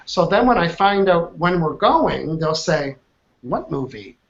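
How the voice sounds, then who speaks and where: Man, trainer, upbeat, chatty, high voice, muffled video-call sound. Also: expressive, unhurried, vocal fry. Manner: upbeat, chatty, asks class for feedback. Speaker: trainer leading an online class. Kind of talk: live online coaching class. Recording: muffled online call audio.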